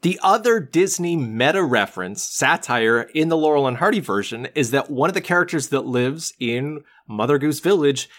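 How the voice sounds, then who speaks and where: A man's voice: on the high side, animated, normal speed, few pauses, a bit bright. A man co-hosting a podcast in casual chat, explaining film history at length. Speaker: podcast co-host.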